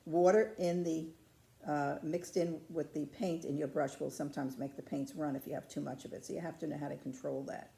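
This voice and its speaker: A woman's voice: low voice, fairly quick, creaky. A woman patiently demonstrating ceramic painting step by step, chatting to the camera as she works. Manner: calm, patient, chatty instruction. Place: craft studio.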